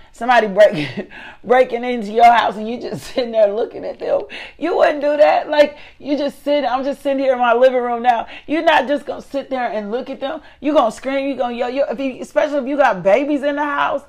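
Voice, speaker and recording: A middle-aged woman hosting a faith talk show, preaching with fervent, emphatic repetition. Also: a little high. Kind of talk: preaching, motivational devotional talk. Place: her living room.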